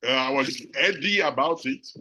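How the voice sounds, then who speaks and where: Man, Nigerian accent, middle-aged, panel speaker, bright tense voice, unhurried with many uhs. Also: medium pitch, low-quality recording. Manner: measured, with frequent filler pauses. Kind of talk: reflective talk to an audience.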